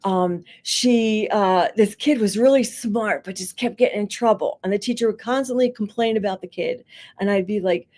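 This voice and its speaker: A woman's voice: medium pitch, normal speed. A middle-aged woman, a school psychologist, explaining counseling techniques in conversation and acting out quotes as she tells anecdotes. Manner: animated storytelling, acts out voices in quotes. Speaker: school psychologist and podcast guest.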